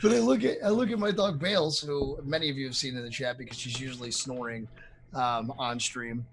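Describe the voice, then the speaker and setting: A man who is a streamer, guesting on a casual live podcast, joking and lively, who mocks baby talk in high silly voices. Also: brisk, vocal fry, noisy background.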